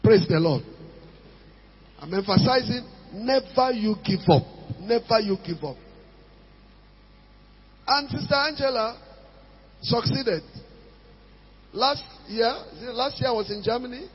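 A man's voice: extremely high pitch, a little slow, long pauses, husky. A man preaching a sermon as pastor, emphatic and repetitive, slipping into pidgin phrases. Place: church hall. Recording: dull sound with long hall reverb.

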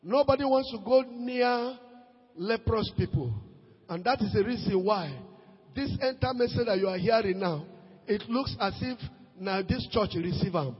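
A Nigerian man preaching a sermon as pastor, swinging between shouted peaks and low asides, slipping into Pidgin. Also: moderate pace, husky, long reverb tail, highs cut off. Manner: preaches with sudden shouted rises and quiet drops, mixes in Pidgin.

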